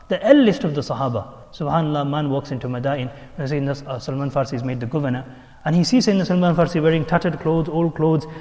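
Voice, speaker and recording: Fast, animated imam. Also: male voice, a little high, in a large hall. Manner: animated storytelling, acting out quoted voices. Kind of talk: sermon.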